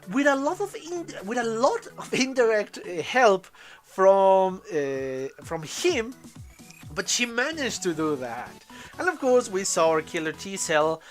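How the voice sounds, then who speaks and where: A woman giving a casual spoken review of an anime episode. She rambles in English as a second language, with loose grammar and many restarts. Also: medium pitch.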